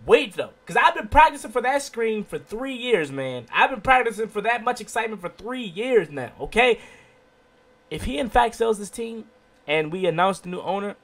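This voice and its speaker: Excitable high-voiced man rambling about sports. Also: moderate pace. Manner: excitable, rambling, repeats 'okay?' often. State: a bit under the weather. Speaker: sports video host. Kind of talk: excited casual sports commentary.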